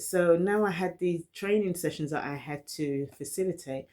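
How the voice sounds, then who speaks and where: Speaking at a normal pace in a warm, fairly low voice, a woman from London shares personal reflections to camera with a London accent. She's earnest and encouraging, yet she stutters, repeats words and frequently starts phrases over.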